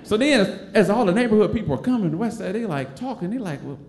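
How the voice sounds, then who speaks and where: A man's voice: high voice, fast talker. A man from Detroit telling a funny story on stage, acting out voices and laughing as he goes. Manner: animated, acts out voices, laughs while telling. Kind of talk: live comic storytelling. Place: stage before a live audience.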